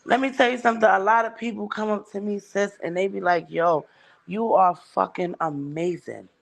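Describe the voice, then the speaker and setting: A woman's voice: medium pitch, fairly even intonation, moderate pace, creaky. A woman hosting a livestream, talking bluntly and emphatically and swearing heavily. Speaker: livestream host. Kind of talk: casual chat.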